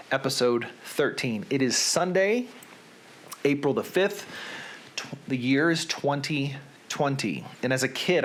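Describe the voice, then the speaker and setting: A man's voice: mid-range voice, fairly bright tone. Wry rambling man hosting a web series. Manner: chatty, wry, self-correcting, with dry asides. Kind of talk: casual rambling monologue to camera.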